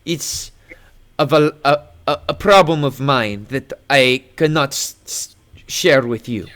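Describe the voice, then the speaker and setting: A man's voice: mid-range voice, takes it slowly, a bit bright. A man voicing a tearful, frightened village woman who stammers and pleads. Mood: distraught.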